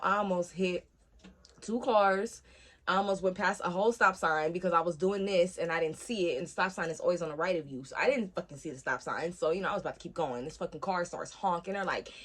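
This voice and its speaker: A young woman vlogger with a lowish voice tells a personal story in casual, animated chat. She swears freely and acts out the voices of the people she quotes.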